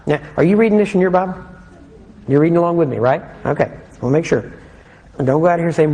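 A man preaching a sermon in a conversational way, often putting questions to his listeners and slowing down to read scripture aloud. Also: a little high, mellow. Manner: conversational, asks the congregation questions. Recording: long hall reverb.

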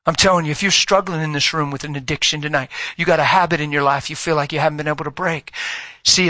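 A middle-aged man preaching a sermon, telling a personal story and swinging from loud, fast passages to hushed whispers. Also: fairly high pitch, no echo. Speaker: pastor. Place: church hall with audience.

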